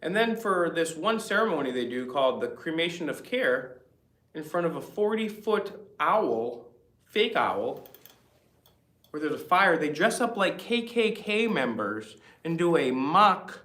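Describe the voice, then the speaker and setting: A man's voice: a little high, big pitch swings, a little slow, a bit bright, roomy sound. A man hosting a casual livestream chat, rambling and reading viewer comments aloud. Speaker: livestream host.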